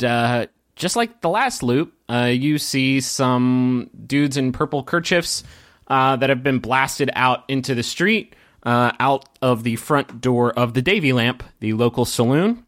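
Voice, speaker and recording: A man's voice: mid-range voice, fairly bright tone, dry recording, studio quality. A man narrating a tabletop game as game master, rambling with lots of fillers.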